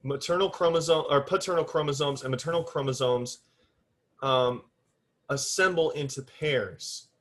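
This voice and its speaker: A man's voice: fairly high pitch, normal speed, a bit bright. A male biology teacher giving a recorded classroom lecture while drawing on a board. He talks to students in an informal, direct way, sets firm rules on exact terms and counts aloud as he draws.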